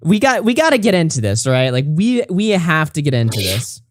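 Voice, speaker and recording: A man hosting a podcast in casual chat, animated and profane, reacting loudly to a story. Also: a little high, moderate pace, dry recording, clean studio sound. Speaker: podcast host.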